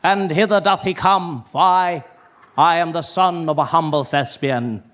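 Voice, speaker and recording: A comedian playing a grandiose old-fashioned stage actor, speaking in archaic, theatrical phrases. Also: male voice, on the high side, unhurried, a bit bright. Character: pompous old-style male stage actor. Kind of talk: stand-up impression.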